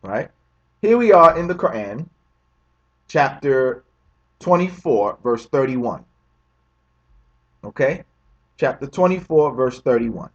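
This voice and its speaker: A man's voice: mid-range voice, very animated, slow pace, pauses often, muffled recording. A man hosting a commentary video, talking emphatically, repeating himself and firing off rhetorical questions with a tagged-on "right?". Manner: keeps asking the listener "right?". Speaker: religious commentary host.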